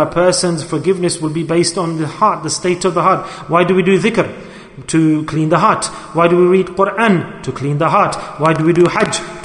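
A man with a high voice delivers an emphatic sermon. He repeats his points and keeps asking his listeners rhetorical questions. His voice rings through a hall with a long, roomy reverb. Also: a bit bright. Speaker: preacher.

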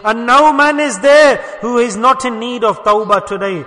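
A man's voice: very high voice, normal speed, pushed and bright. A man preaching a sermon at a mosque gathering, impassioned and urging his listeners with rhetorical questions. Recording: reverberant hall.

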